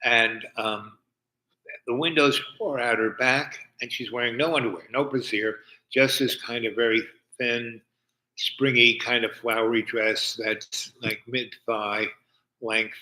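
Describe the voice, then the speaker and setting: An older man from New York telling a long personal story in a halting way, full of fillers and restarts. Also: medium pitch, steady tone, sharp tone, rough recording. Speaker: storyteller host. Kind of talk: rambling personal anecdote.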